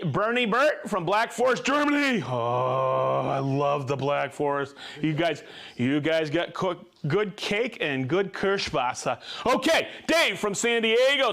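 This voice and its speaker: Man, live-show host, casual chat, higher voice, very animated pitch, upbeat, laughs a lot. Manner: upbeat, reads viewer shout-outs, laughs often.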